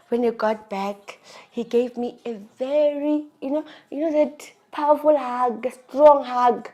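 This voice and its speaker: A woman's voice: fairly high pitch, a little mellow. A South African woman in her thirties, emotionally confiding a personal story with frequent restarts. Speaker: vlogger.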